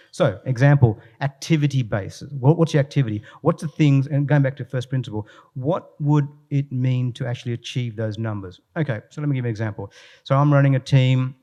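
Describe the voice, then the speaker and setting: A man giving a live talk to an audience, telling anecdotes with lots of restarts. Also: medium pitch. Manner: animated storyteller, frequent restarts. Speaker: guest speaker, leadership coach.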